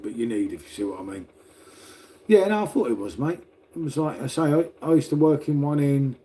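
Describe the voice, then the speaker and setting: A man's voice: medium pitch, mellow. An older man with an English accent chatting casually to viewers on a livestream. He rambles, swears freely and calls everyone mate. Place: at home, making coffee.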